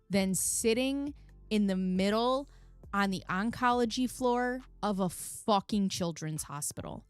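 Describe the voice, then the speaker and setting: A middle-aged woman hosts a casual chat in a smooth, lowish voice, talking candidly and swearing freely as she tells personal stories. Faint music plays behind her. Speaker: channel host. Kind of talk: casual live chat reading comments.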